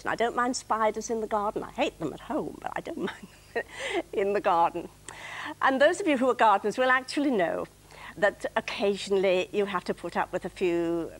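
An older woman chatting about gardening and reciting her own comic poems with playful timing as a studio guest. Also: mid-range voice. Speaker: dictionary corner guest reading poems. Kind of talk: light chat and poetry reading. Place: television studio.

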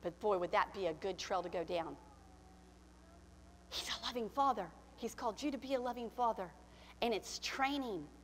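A woman pastor preaching a sermon, swinging from soft, confiding lines to shouted ones and acting out the voices she quotes. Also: mid-range voice, animated, moderate pace, long pauses, a little hiss or hum. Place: church sanctuary. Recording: church hall with long reverb.

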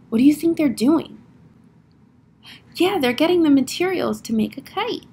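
Lively teacher woman reading aloud. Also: high-pitched, normal speed, vocal fry. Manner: animated, asks the class questions, acts out sound words. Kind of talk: reading a picture book aloud to children.

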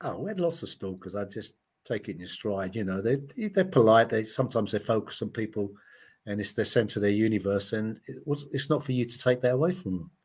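Animated and a little fast, this late-sixties ex-TV gladiator has a lowish, darkish voice with a breathy edge. In a relaxed interview he spins chatty anecdotes, performs the voices of people he quotes, and often says "you know."

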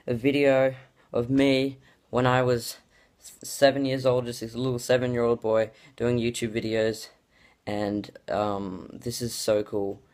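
A man chatting casually to camera at a mid-range pitch, stringing thoughts together with constant filler words and false starts. He gushes with excited exclamations as he talks, in a loose, unscripted vlog manner. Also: a little slow. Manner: rambling, heavy use of "like" fillers and restarts. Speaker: YouTuber reacting to his childhood videos.

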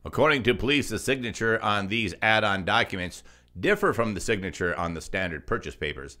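A man's voice: fairly low pitch, expressive, brisk, bright, forceful tone. A man co-hosting a scripted consumer news commentary, reading reports and adding sarcastic asides. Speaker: co-host.

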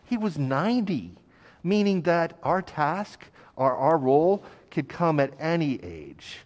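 A man's voice: on the high side, big pitch swings, slow, a little mellow. Chatty male pastor in a reverberant church. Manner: conversational, self-deprecating storytelling with fillers. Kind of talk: sermon. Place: church sanctuary.

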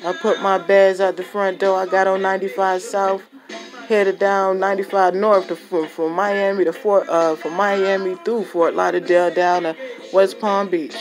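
A woman's voice: mid-range voice, little pitch movement, normal speed, soft background music. A woman giving an impassioned, exhorting testimony as a religious vlogger, repeating herself for emphasis. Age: adult with a child and parents. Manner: fervent, exhorting, repetitive.

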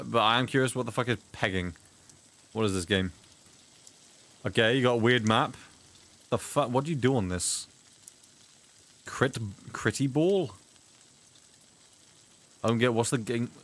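Swearing British streamer chatting over gameplay. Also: male voice, mid-range voice, measured pace, long pauses, fairly bright tone. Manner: swears often, reads chat aloud, blurts reactions. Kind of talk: casual gameplay chat.

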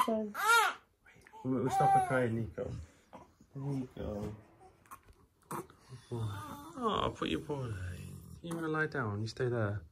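Low-voiced woman coaxing her dogs. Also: background noise. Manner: coaxing pet talk, soft and affectionate. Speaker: dog owner and new mother filming at home. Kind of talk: home video, talking to her dogs. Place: family home.

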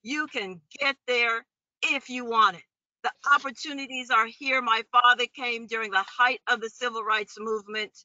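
A woman's voice: on the high side, fairly even intonation, moderate pace, pushed and bright, dry recording. A woman candidate giving a rousing campaign speech, addressing the crowd directly. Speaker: political candidate. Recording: dry, dull lo-fi audio.

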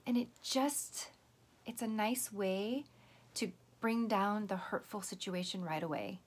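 A woman teacher giving a patient, gentle lesson to young children, explaining step by step. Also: medium pitch, measured pace, husky.

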